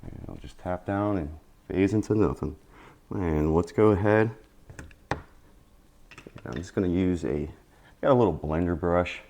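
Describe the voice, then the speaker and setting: A man teaching oil painting in a casual tutorial, tired after a long day, talking in relaxed, repetitive encouraging asides. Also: sits low, measured pace, long pauses. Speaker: painting instructor.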